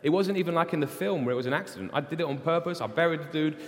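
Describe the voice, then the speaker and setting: A preacher voicing an old male shepherd, talking in an excited, pleading rush, higher than his own voice, in a reverberant hall. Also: normal speed, slight background noise. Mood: panicked. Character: old male shepherd, eager then panicked.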